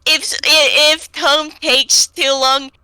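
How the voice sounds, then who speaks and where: A woman's voice: sits high, little pitch movement, slow, sharp tone, dry recording. A woman chatting casually as a player in a tabletop game, easygoing and rambling. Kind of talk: casual chat between players.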